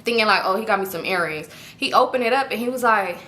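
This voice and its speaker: A woman's voice: medium pitch, fast. A young adult woman telling a personal story to her viewers in a casual storytime, acting out both sides of the conversation and talking straight to the audience. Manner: animated, acts out both sides of a dialogue, addresses viewers directly.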